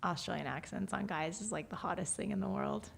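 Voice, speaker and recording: A woman's voice: medium pitch, brisk, creaky, slightly rough. A woman hosting a podcast, chatting and laughing as she tells stories. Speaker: podcast host. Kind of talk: casual podcast chat.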